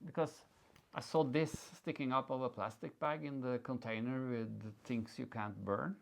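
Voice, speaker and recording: A man co-hosting a podcast in casual chat, speaking haltingly with frequent restarts. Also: medium pitch, fairly even intonation, vocal fry, a little hiss or hum. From Norway. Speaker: podcast co-host.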